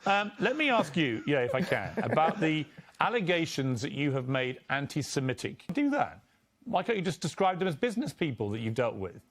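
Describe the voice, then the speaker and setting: British man interviewing, insistent and lively. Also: fairly high pitch, a little fast. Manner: firm, insistent questioning. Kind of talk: combative TV interview.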